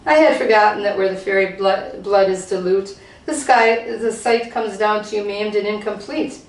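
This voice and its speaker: A woman voicing an ancient, queenly fairy woman who speaks gravely, recorded from a distance in a roomy hall. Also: medium pitch, normal speed, natural voice. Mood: solemn. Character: ancient regal fairy woman, calm and solemn.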